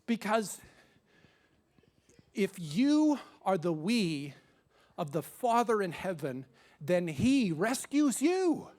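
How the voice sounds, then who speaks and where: A man, preaching a sermon as pastor with animated, emphatic storytelling. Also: slow pace, pauses often. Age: 50s. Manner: animated, emphatic storytelling with sudden rises in pitch and loudness.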